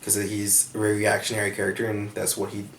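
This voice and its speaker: A man's voice: on the low side, monotone, quick pace, vocal fry, a bit bright, slight background noise. Guy rambling earnestly about a movie, kinda far from the mic, echoey room. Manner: earnest, rambling, restarts mid-thought. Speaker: podcast co-host. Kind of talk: casual chat.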